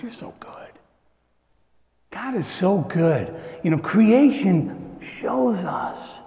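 A pastor preaches in a high voice and a slow, deliberate tempo, shifting between hushed asides and emphatic declarations. His sermon rings through a roomy sanctuary with a long reverberant tail. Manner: earnest, swings from hushed to emphatic. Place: church sanctuary. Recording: echoey hall, long reverb.

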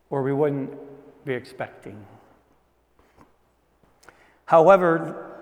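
A man preaching a sermon to a congregation in a conversational style, moving between loud emphasis and hushed asides. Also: a little high, big-room sound. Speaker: pastor.

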